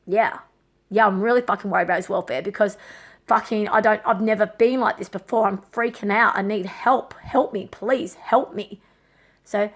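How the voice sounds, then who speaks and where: A woman's voice: medium pitch, steady tone, moderate pace. A middle-aged woman recounting a painful personal experience, agitated and raw, swearing often and repeating herself. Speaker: vlogger. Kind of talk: emotional personal story.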